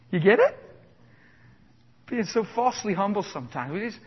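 A man's voice: high-pitched, expressive, brisk, pauses often, breathy edge. A man preaching a sermon with exuberant, emphatic delivery, chuckling between points. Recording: dull lo-fi sound with long hall reverb.

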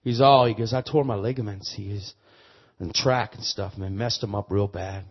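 Husky man preaching a testimony sermon. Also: fairly low pitch, steady tone, normal speed, big-room sound. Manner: repeats words, builds to loud emphatic preaching. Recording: muffled lo-fi sermon recording.

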